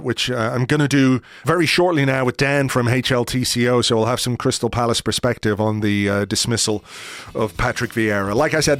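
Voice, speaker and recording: A man hosting a podcast, wrapping up the episode with brisk, chatty announcements. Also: medium pitch, fairly bright tone, no room sound, clean studio sound. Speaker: podcast host. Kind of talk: podcast sign-off.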